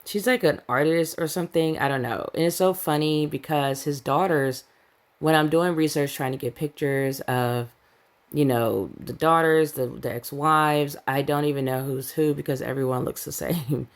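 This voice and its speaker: A woman's voice: sits low, fairly even intonation, normal speed. A woman hosting a celebrity gossip channel, reading news quotes aloud and breaking off with sarcastic asides in a casual commentary style.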